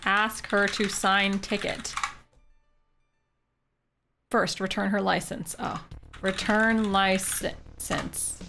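A woman's voice: medium pitch, level tone, takes it slowly, creaky, pauses often, music in the background. Playful woman streaming a game. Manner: playful, reads game text aloud with jokes and laughs. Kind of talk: casual game livestream commentary.

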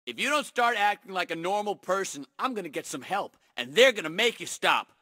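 A man's voice: sits high, sing-song, brisk, pushed and bright, dry recording, studio quality, full character voice. A man voicing an uneasy bystander in a video game, awkwardly telling someone to back off. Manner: annoyed, awkward, defensive.

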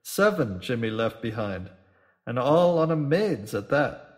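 A man's voice: medium pitch, sing-song, a little slow. A man voicing a fat, frightened old innkeeper who speaks in rustic dialect and placates nervously.

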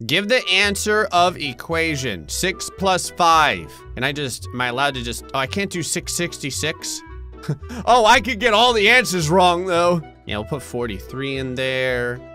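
A man giving comedic gameplay commentary, making wry jokes with sudden high-pitched outbursts. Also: very animated, normal speed, bright, forceful tone, soft background music. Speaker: gaming channel host.

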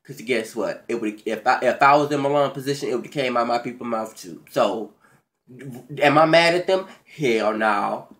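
Sassy, profane man ranting in a recap. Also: normal speed. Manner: sassy, profane, animated, with swooping pitch. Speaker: vlogger recapping a reality show. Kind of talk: casual recap rant.

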